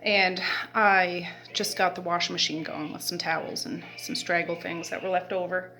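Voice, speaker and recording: A middle-aged mother from Nova Scotia, Canada, vlogs from a rocking chair at home, casually chatting about her day and rambling through stories full of fillers. Her voice is lowish and pushed and bright, with a flat delivery at a moderate pace.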